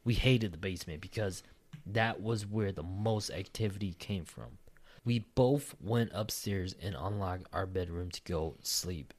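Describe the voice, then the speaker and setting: A man with a fairly low voice talks loosely with a friend, tossing in "dude" and swearing. He laughs a lot and reads a listener's eerie story in a plain, conversational way. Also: unhurried. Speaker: podcast co-host reading a listener story. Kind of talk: casual chat and story reading.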